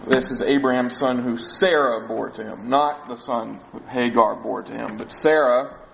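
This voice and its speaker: A man's voice: medium pitch, fairly even intonation, measured pace, vocal fry, highs cut off, slight background noise. A man preaching a sermon, explaining a Bible passage in a conversational way. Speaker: pastor.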